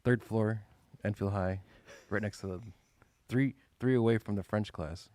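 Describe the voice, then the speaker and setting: A man's voice: lowish voice, fairly even intonation, measured pace, a little mellow, no room sound. A man from Connecticut co-hosting a podcast, chatty and wry in casual conversation. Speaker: podcast co-host. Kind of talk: casual chat.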